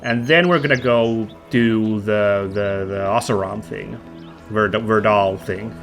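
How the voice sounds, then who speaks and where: A man's voice: on the low side, takes it slowly, gravelly, fairly bright tone, faint music behind. A man hosting a let's play, chatting casually and rambling upbeat while a little stuffy and nasal from a cold. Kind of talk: casual gameplay commentary.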